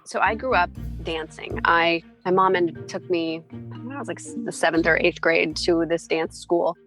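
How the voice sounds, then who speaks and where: Chatty woman with a gravelly low voice. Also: fairly even intonation, moderate pace, soft background music. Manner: chatty, acts out quoted people. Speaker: guest, former entertainment publicist. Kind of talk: casual interview storytelling.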